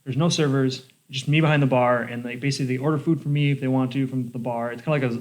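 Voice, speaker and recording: A young adult man telling a bar story in casual chat, animated and swearing a lot, with lots of "like". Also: mid-range voice, racing. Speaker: bartender podcast host.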